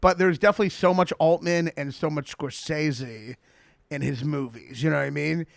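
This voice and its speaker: A man with a slight lisp hosts a casual podcast chat, his voice sitting a little high with a gravelly fry. He talks quickly and eagerly, laughing and teasing as he goes, and the sound is close and dry. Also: dry recording. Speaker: podcast host.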